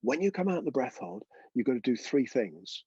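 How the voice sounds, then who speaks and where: Husky, mellow-voiced male breathwork teacher. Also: medium pitch, very animated, brisk, no echo, highs cut off. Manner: coaching, chatty, checks in with "yeah?". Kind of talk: live online breathwork class.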